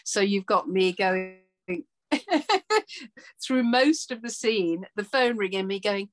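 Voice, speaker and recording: An actress chatting casually, telling animated stories and acting out what people said. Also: female voice, medium pitch, takes it slowly. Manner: animated storyteller, acts out quotes, laughs often. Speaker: actor. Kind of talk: casual chat.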